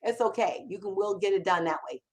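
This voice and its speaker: A woman's voice: medium pitch, a little fast, darkish tone, rough recording. A woman copywriting mentor hosting a live Q&A, talking in an emphatic, conversational way with frequent restarts. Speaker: copywriting mentor and show host. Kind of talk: live Q&A chat.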